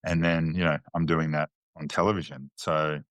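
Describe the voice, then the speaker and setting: Man, Australian accent, very deep voice, candid storytelling, dry sound. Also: little pitch movement, normal speed, fairly bright tone, no room sound. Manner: candid, storytelling, slangy, frequent fillers and restarts. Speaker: podcast guest. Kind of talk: casual interview chat.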